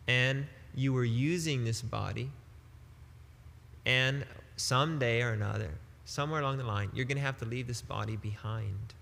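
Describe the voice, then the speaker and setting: A man giving a devotional sermon as a spiritual teacher, emphatic and deliberate, with casual turns of phrase. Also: mid-range voice, creaky, a bit bright, in a large hall.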